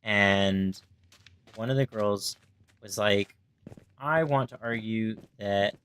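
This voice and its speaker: A man's voice: lowish voice, slow, fairly bright tone, clear, resonant tone. A young man livestreaming a game, chatting to his viewers and rambling through stories where he acts out the people he quotes. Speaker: gaming livestreamer. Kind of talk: casual chat while gaming.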